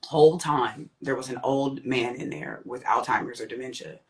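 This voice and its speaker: A young adult woman telling her personal testimony as a guest, acting out quoted voices. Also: normal speed. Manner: vivid, acts out quoted voices with big pitch jumps. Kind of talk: personal storytelling.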